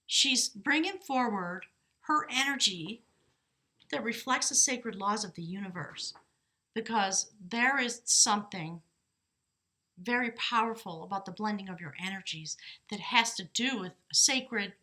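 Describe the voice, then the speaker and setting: A woman's voice: medium pitch, measured pace, bright, forceful tone. A woman giving a casual tarot reading from her desk at home, chatty and laughing often, breaking off to question her spirit guides and correcting herself mid-sentence. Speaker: tarot reader. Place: desk in a small house by an open door.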